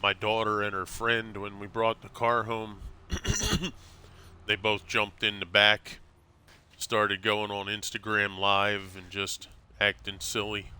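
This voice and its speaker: Middle-aged guy chatting on his game stream, low-ish bright voice, tells funny stories. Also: slow pace, clean tone. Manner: animated storyteller, acts out quotes with laughs. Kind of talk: casual gameplay stream chat.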